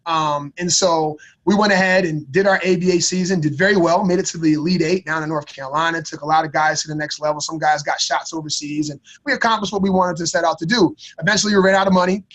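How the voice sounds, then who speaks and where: A man's voice: a little high, steady tone, quick pace, few pauses, a bit bright, lo-fi sound. A man in his thirties, a podcast guest, telling a personal story in a casual, slangy way, often repeating his words as he goes.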